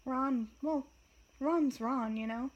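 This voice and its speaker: A woman reading the lines of a weary, gentle middle-aged wizard father, quiet and hesitant. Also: high-pitched, slow, lo-fi sound. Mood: tender.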